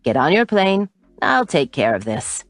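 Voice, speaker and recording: A woman voicing a blunt but caring grandmother in her seventies, speaking softly and firmly. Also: on the low side, very animated, a little slow, no room sound. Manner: soft and firm.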